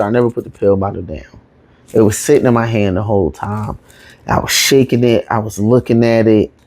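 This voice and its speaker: A woman's voice: very deep voice, a little mellow. A woman comedian telling a personal story in an emphatic, conversational way, repeating lines for emphasis and checking in with listeners.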